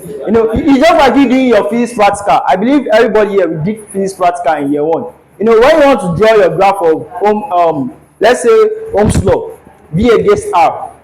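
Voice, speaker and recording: A man's voice: high voice, expressive, a little fast, darkish tone, slight background noise, low-quality recording. A man teaching a classroom engineering lecture at a board, who keeps repeating his questions so the students will answer.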